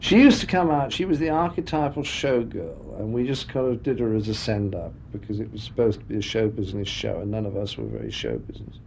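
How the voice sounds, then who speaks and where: Gravelly, wry Englishman telling stories. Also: lowish voice, animated, fairly quick, few pauses, darkish tone. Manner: dry, wry storytelling with frequent laughs. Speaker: interview guest. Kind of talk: anecdotal interview chat. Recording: muffled recording with faint noise.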